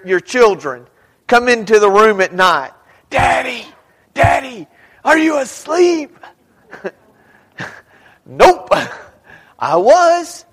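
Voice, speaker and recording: A man preaches a sermon in a conversational way, throwing questions out to the congregation. His voice sits high and he takes his time, and at points he climbs up into a shout. The sound carries a long reverb from the church hall around him. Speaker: pastor.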